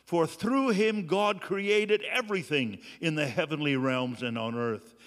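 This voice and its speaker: A man preaching a sermon, earnest and slow, with dramatic pauses. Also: a little high, a bit bright, in a large hall. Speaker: pastor.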